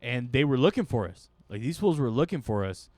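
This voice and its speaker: A man's voice: mid-range voice, a little fast, dry recording. A man rambles through a story in a casual chat, jumping into the voices of the people in it. He sounds like a guest comedian on a podcast. His voice is recorded close and dry, with no room sound. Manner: rambling, animated, acts out quotes.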